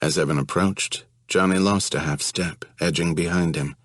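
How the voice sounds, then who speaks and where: Guy narrating an audiobook, deep husky voice, dry close mic. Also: fairly even intonation, normal speed, a bit bright, dry recording.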